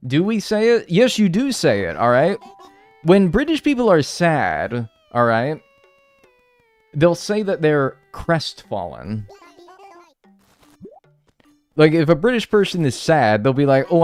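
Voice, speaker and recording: Soft music plays behind a fairly high-voiced man who talks slowly and pauses often as he streams a game live. He rambles animatedly through casual commentary, bouncing between chat responses, cursing and filling his speech with "like."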